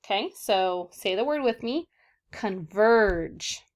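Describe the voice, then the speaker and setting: A woman's voice: medium pitch, expressive, normal speed. Young woman, elementary teacher, online vocab lesson, encouraging, repeats words for kids. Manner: encouraging, repeats and checks in with "okay, guys?". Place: southern California.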